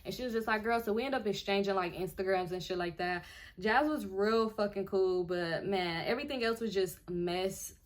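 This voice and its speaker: A young woman vlogger telling a story in a casual, animated and profane way, often sounding indignant. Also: mid-range voice, normal speed.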